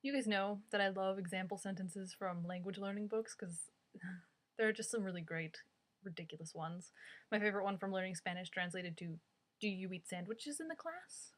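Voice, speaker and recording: A woman's voice: mid-range voice, normal speed. Chatty young woman vlogging to camera. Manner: chatty and wry, lots of "like". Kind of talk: casual chat to camera.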